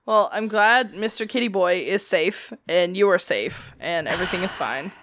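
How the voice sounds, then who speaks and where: A woman's voice: lowish voice, moderate pace. A woman in casual chat, backing up a storyteller with short supportive reactions. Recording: noisy background.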